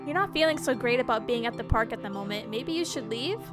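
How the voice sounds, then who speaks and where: Game music accompanies a woman giving live commentary on her stream as she reads the game's narration aloud. She laughs and swears a lot, speaking fast in a fairly high, expressive voice.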